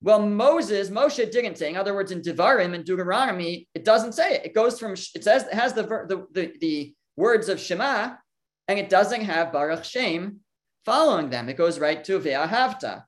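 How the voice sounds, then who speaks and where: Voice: mid-range voice, animated, normal speed. Teacher reasoning aloud through a Torah lesson. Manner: thinks aloud, poses questions and answers them; mixes in Hebrew terms and translates them.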